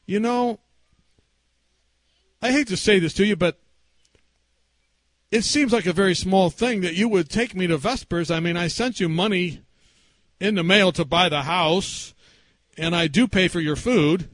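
A man's voice: high voice, measured pace, pauses often, a bit bright, no room sound. A man voicing his elderly, devout grandfather, who talks earnestly and pleads, repeating himself. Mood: hurt. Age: older.

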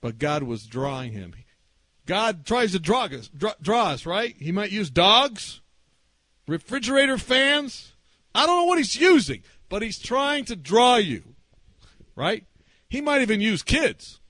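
A middle-aged male pastor preaching a storytelling sermon at a camp meeting, animated and acting out the voices in his stories. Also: high voice, unhurried, dry recording. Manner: animated, acts out quoted voices.

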